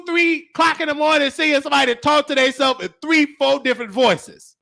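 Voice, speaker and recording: A man hosting his show, telling a comedic childhood story in an excitable, animated way. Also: extremely high pitch, fairly quick, vocal fry, few pauses. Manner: animated, excitable, talks back to the listener.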